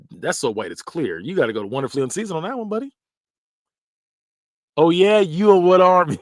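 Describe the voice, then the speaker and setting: A man's voice: mid-range voice, no room sound, clean studio sound. A man hosting a podcast, giving casual, joking reaction commentary and laughing often. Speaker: podcast host.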